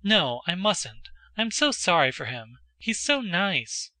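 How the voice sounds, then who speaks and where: A man voicing an excitable young girl, Natasha. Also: high voice, slow pace, no room sound, exaggerated voice. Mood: pleading. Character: excitable teenage girl, earnest and indignant.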